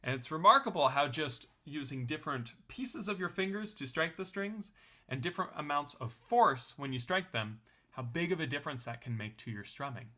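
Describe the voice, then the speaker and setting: A man's voice: a little high, expressive, normal speed, sharp tone. A young man teaching a ukulele lesson in a friendly, explanatory way, counting beats aloud. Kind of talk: online music lesson.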